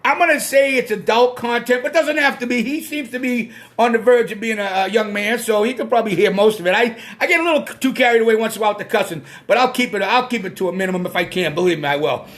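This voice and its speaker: A man's voice: high voice, fast talker, few pauses, a bit bright. A man with a Boston accent hosting a casual live stream, ranting and swearing when he gets worked up, through a computer mic.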